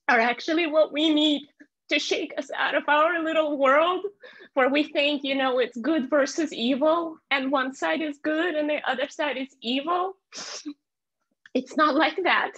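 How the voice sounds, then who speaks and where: Speaking unhurriedly in a high, slightly bright voice, an Azerbaijani woman in her thirties takes part in an online meeting. She is earnest and candid, frequently hunting for the right word, and the video call audio is lo-fi.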